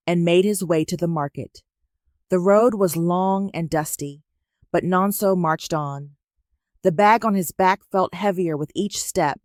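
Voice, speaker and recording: A woman narrating a folktale in a steady, measured storytelling manner. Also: fairly low pitch, dry recording, studio quality.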